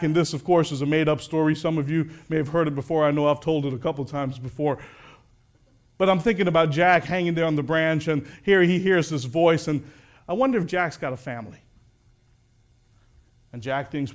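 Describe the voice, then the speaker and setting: High-voiced man preaching a sermon. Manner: earnest, reflective, asks rhetorical questions. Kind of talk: sermon with storytelling.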